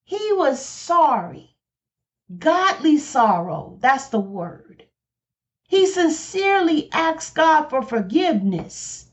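A woman pastor preaching a sermon, slow and emphatic, declaring each point firmly. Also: high-pitched, big pitch swings. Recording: dull lo-fi recording.

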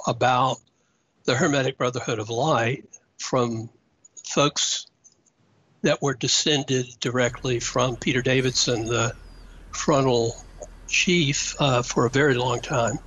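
A man's voice: medium pitch, fairly bright tone. Rambling man. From Georgia, US South. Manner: rambling, hesitant, with frequent pauses and dry asides. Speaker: interview guest, researcher. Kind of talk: conversational storytelling. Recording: dull, slightly muffled sound with faint noise.

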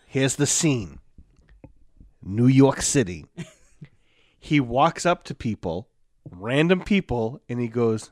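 A man's voice: medium pitch, takes it slowly, pauses often, dry recording, studio quality. A man co-hosting a podcast in casual chat, jokey and riffing on tangents. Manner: jokey, wildly expressive, riffing. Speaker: podcast co-host.

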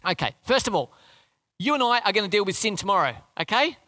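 Animated, bright-voiced male preacher. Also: high-pitched, quick pace, no echo, studio quality. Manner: emphatic, with rhetorical questions to the congregation. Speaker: pastor. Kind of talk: sermon.

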